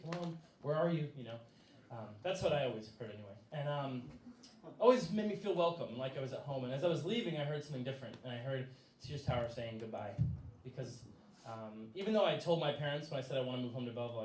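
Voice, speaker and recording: A man's voice: medium pitch, a little hiss or hum. A young man telling a personal story live on stage, casual and laughing, with many fillers. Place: stage in a small venue. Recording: echoey room from far off.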